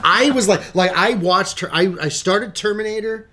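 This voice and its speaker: A man co-hosting a casual podcast chat, telling movie stories with big playful jumps in his voice. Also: normal speed. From Illinois, USA. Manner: animated storyteller, jumps pitch when joking. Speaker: podcast co-host.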